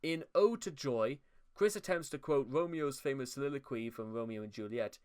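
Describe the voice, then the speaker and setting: Young man, commentary host, smooth clear voice, mid pitch; wry and sarcastic, stumbles and restarts. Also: brisk. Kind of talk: mocking commentary reading scripted narration.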